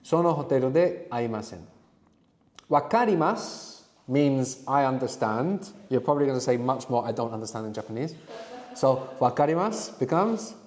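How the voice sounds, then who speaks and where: Man, language teacher, mellow tone, questioning "no?" tags, reverberant room. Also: medium pitch, lively intonation, moderate pace. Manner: prompting questions, frequent "no?" tags. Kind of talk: interactive language lesson.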